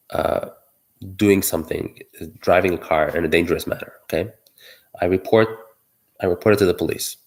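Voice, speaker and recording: A man's voice: low-pitched, a little mellow. A man giving solo political commentary, arguing his point while thinking aloud, with many fillers and restarts.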